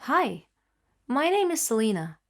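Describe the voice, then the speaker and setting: A woman's voice: fairly high pitch, very animated, unhurried. Upbeat young woman narrating her story. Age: young adult. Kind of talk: scripted first-person story narration.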